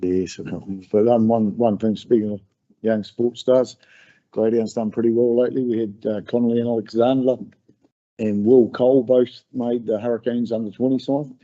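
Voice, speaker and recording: A man's voice: mid-range voice, fairly even intonation, moderate pace, warm tone. A man adding a casual, chatty aside at a council meeting. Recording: dull lo-fi meeting recording.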